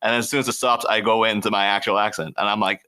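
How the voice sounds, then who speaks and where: Irish man, podcast guest, low bright voice, near-American accent, chatty. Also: fairly even intonation, quick pace. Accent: mild Irish, near American on mic. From Ireland. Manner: chatty, laughs while telling stories. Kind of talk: casual chat.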